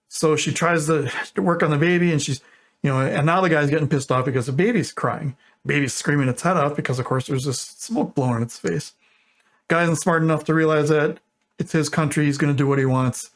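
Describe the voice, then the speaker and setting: A man's voice: a little high, fast. A man telling a long joke casually, rambling and correcting himself in digressions, speeding up during asides. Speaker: channel host.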